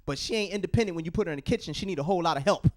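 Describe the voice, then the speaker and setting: A man's voice: sits high, very fast, crowd noise. A man doing a stand-up routine in a small studio, telling stories and acting out the voices of people in them. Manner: animated storytelling with acted-out voices. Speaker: stand-up comedian. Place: small comedy studio stage.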